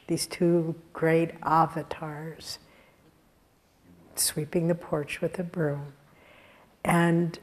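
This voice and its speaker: A spiritual teacher gives a sermon-style talk in a fairly low voice, unhurried and deliberate. She tells spiritual stories with earnest warmth and the occasional soft laugh.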